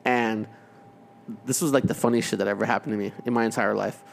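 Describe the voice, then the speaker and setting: A man's voice: fairly low pitch, fairly even intonation, quick pace, creaky, a little hiss or hum. A man co-hosting a podcast, telling a story in casual banter, swearing freely and repeating words as he restarts. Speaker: podcast co-host.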